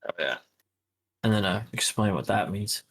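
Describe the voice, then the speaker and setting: A man's voice: on the low side, lively intonation, moderate pace, creaky, a bit bright. A young man co-hosting a podcast in casual chat, rambling with lots of fillers and swearing. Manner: rambling, full of fillers and profanity. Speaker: podcast co-host.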